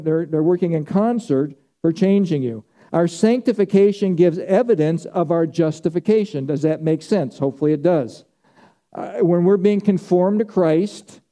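A man's voice: on the high side, warm tone. A middle-aged male pastor preaching a sermon, emphatic and repeating key phrases for weight.

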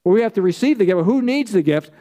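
High-voiced, mellow man preaching emphatically. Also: lively intonation, fast. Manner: emphatic preaching with repeated phrases and congregation prompts. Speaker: pastor. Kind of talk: sermon.

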